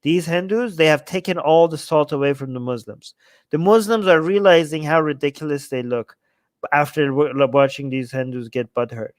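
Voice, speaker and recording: A man's voice: a little high, moderate pace, no room sound. A man hosting a livestream, commenting on the chat in a sarcastic, mocking way. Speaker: livestream host.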